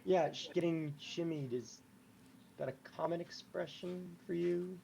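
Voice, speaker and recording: A man's voice: fairly high pitch, measured pace, vocal fry, mellow, highs cut off, a little hiss or hum. A man doing a blunt, flustered young woman. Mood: puzzled. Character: young woman Hannah, easily embarrassed, blunt.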